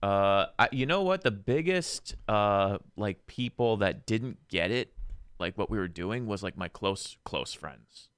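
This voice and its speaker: A man co-hosting a podcast in casual chat, animated and acting out quotes in raised voices. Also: on the low side, a little slow, clean tone, dry recording. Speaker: podcast co-host.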